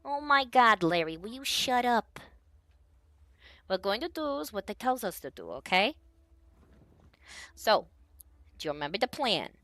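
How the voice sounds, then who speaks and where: Woman playing a pint-sized bandit boss: piping, high, bossy and exasperated. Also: big pitch swings, measured pace, pauses often, fairly bright tone, no room sound. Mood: annoyed. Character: short scheming male bandit leader, bossy.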